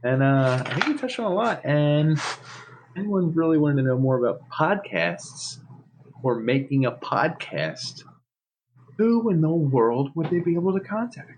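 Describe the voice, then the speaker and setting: A man co-hosting a casual podcast, cracking jokes and teasing his friend. His pitch swings widely as he talks, over faint background noise. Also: animated, measured pace, darkish tone, rough recording. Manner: joking, teasing, jumps in with wisecracks. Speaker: podcast co-host. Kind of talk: casual chat.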